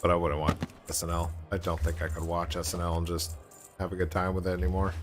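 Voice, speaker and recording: A man's voice: low-pitched, completely flat delivery, fast, soft background music. A man streaming a game, chatting casually in a rambling way with joking asides. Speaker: gaming streamer. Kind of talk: casual chat while gaming.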